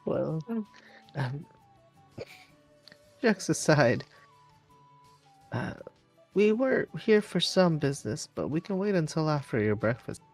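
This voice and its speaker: Husky-ish player in a tabletop game, polite, lots of ums, mid pitch. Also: very animated, slow pace, long pauses, a little mellow, soft background music. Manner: hesitant, polite, filler-heavy. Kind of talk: tabletop role-play.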